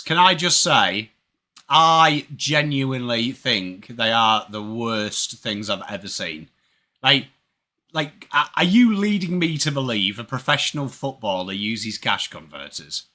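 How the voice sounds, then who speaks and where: A man's voice: medium pitch, very animated, measured pace, sharp tone. A man in his thirties from England with an English accent, chatting with viewers during a live sports watch-along. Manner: chatty, greets chat viewers by name. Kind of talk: live stream chat.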